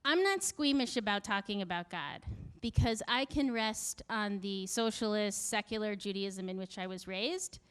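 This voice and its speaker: A woman's voice: medium pitch, moderate pace, a bit bright, smooth, no room sound. A middle-aged woman telling a comic personal story in a wry, self-mocking way, acting out the voices she quotes.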